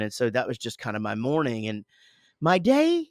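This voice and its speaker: A man's voice: mid-range voice, huge pitch swings, normal speed, no room sound, clean studio sound. A man in his forties, co-hosting a casual podcast, telling a rambling, profane story about his morning with lots of self-interruptions. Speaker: podcast co-host, father.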